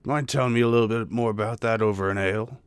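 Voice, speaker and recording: A man voicing a gruff but friendly male dwarf townsman in a tabletop game, with folksy, drawling questions. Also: lowish voice, fairly even intonation, fast talker, no room sound, pitched below the performer's own voice, close to an everyday voice.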